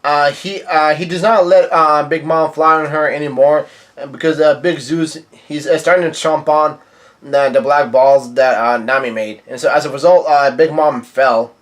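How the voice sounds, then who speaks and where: A young man talks through a manga chapter panel by panel in a casual recap. His voice sits a little high for a man. He rambles, fills gaps with "uh" and often restarts his sentences. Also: steady tone, moderate pace. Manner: rambling, many "uh" fillers and restarts. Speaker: manga reviewer.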